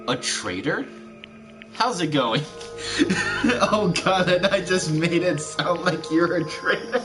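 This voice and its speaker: A man's voice: high-pitched, slow. A young man doing casual live-stream commentary over a video game, laughing constantly between rambling, self-mocking asides. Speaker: let's play streamer. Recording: game music playing behind the voice. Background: game background music.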